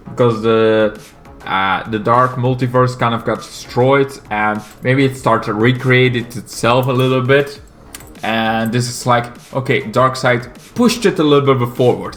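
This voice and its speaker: A Belgian man with a Flemish Dutch accent talks through comics in a loose, rambling way, full of swearing and halting "uh"s. His voice sits at an ordinary middle pitch, with faint music playing behind him. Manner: profane, excitable, halting with many fillers. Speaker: comics commentator. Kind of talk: casual rambling commentary.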